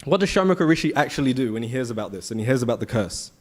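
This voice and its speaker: A man giving a conversational scripture class at a temple, telling the story with rhetorical questions and animated asides. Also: medium pitch, rapid-fire. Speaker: temple speaker. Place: temple hall.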